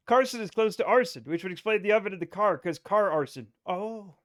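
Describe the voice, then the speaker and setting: A man streaming a space game live, chatting excitedly with his viewers and swearing when things go wrong. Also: sits high. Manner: excitable, swears when frustrated, reads chat aloud. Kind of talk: live gaming stream chat.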